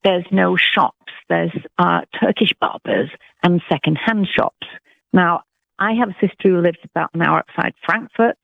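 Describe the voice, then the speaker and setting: A British woman calling in to a radio show, talking in an earnest, halting way with many restarts. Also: fairly low pitch, gravelly, dry recording. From Britain. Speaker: caller. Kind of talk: call-in radio conversation. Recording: tinny phone line.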